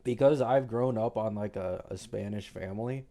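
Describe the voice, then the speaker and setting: Laid-back young man, mellow low voice. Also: normal speed, creaky. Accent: slight Canadian. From Canada. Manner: laid-back, mumbling, slangy, reads chat questions aloud. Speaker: streamer answering chat. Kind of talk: casual livestream chat.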